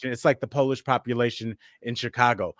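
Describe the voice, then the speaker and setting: Male podcast co-host, conversational, mid pitch, dry close mic. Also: fairly even intonation, brisk, a bit bright, no echo. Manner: conversational, many fillers and restarts. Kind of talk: casual news chat.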